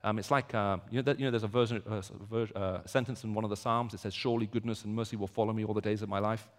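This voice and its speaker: A man preaching a sermon, moving from quiet reflection to loud, emphatic repetition. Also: fairly low pitch, fairly even intonation, very fast, long reverb tail.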